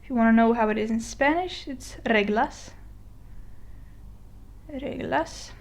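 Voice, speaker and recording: A woman giving a casual explainer lesson, chatty with fillers and restarts, slowing down to model words. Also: on the high side. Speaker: Spanish teacher. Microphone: voice-over on a screen recording.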